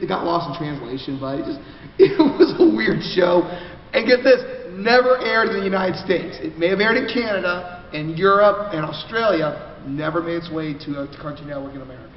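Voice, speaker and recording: A man's voice: fairly high pitch, a little hiss or hum. A man moderating a convention panel in a chatty, joking way, often restarting his sentences. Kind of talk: casual convention panel talk. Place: large convention hall. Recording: echoey hall, distant mic, dull sound.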